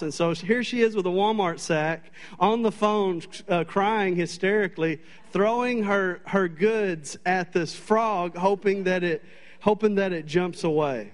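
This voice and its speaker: A man with a fairly high voice preaching in a church. He tells funny, animated stories in a chatty way and often stops on fillers. It is an easygoing, storytelling sermon. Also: unhurried. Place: church sanctuary.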